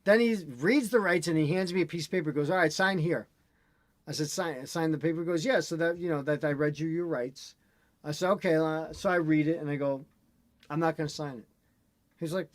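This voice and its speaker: A man in casual chat, telling an animated, ranting story as host. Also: a little high, fairly quick, no echo.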